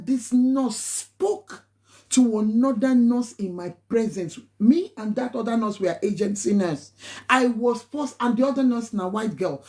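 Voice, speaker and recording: A woman's voice: on the high side, mellow. A Nigerian-accented woman, a nurse, giving casual live-stream advice in an emphatic, preachy way, repeating phrases for stress and slipping into pidgin. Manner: slips into pidgin and Yoruba phrases.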